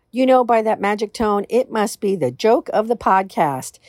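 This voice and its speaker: A woman's voice: medium pitch, expressive, moderate pace, over music. A woman hosting a casual solo podcast, talking in a candid, self-assured way. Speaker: podcast host.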